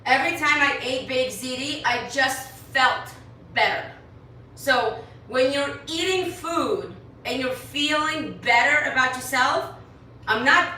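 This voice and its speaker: A woman's voice: sits high, sharp tone, heavy reverb, far from the mic, slight background noise, poor audio. A woman in her thirties from New York, a fitness coach talking earnestly and rambling a bit to her followers. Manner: earnest, rambling, repeats herself. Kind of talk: casual talk to followers.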